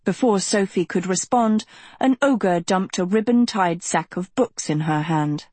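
Female audiobook narrator, unhurried expressive delivery, dry close sound. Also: mid-range voice, husky, no room sound. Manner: measured, expressive storytelling. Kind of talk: scripted narration.

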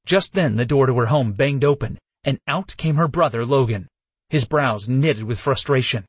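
A man narrating a first-person novel as an audiobook, telling the story in an expressive way. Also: medium pitch, moderate pace, slightly rough, dry recording.

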